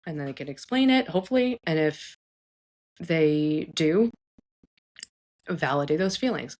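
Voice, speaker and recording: A woman psychologist talks parents through hard situations in an earnest, chatty way. Her voice sits a little low, and she keeps checking in with listeners as she goes. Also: expressive, a little slow, pauses often, darkish tone. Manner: earnest, conversational, frequent "like" and "right?"; acts out quoted speech in shifted voices. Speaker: psychologist host. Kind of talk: advice talk to parents.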